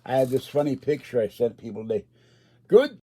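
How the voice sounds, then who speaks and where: A man's voice: medium pitch, sing-song, a little fast, warm tone, breathy edge. An older man, rambling and grumbling sarcastically on a casual home livestream. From Pittsburgh area. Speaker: livestream host. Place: indoors at home.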